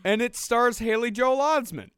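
A man's voice: very high voice, normal speed, fairly bright tone. A man co-hosting a podcast, teasing and reading gossip items aloud in casual banter. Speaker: podcast co-host.

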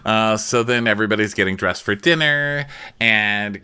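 A man's voice: on the low side, normal speed, bright, forceful tone, clear, resonant tone. A man co-hosting a podcast, recapping a TV episode in casual chat and slipping into playful impressions of the people in it. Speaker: podcast co-host.

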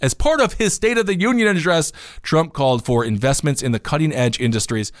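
A man's voice: fairly high pitch, brisk, no room sound, studio quality. A man hosting a podcast, giving casual news commentary with sarcastic asides and growing indignation. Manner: animated, sarcastic, gets indignant. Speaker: podcast host.

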